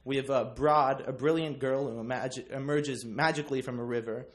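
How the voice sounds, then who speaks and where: A man's voice: medium pitch, fairly even intonation, a little fast. Young man joking through a class talk. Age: young adult. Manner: joking, many ums. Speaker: student presenter. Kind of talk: class presentation.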